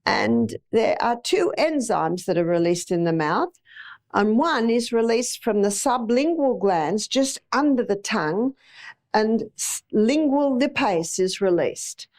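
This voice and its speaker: A woman's voice: on the high side, very animated, slow pace, a little mellow. An Australian woman lecturing an audience on health in a chatty way, repeating phrases for emphasis. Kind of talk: live talk to an audience.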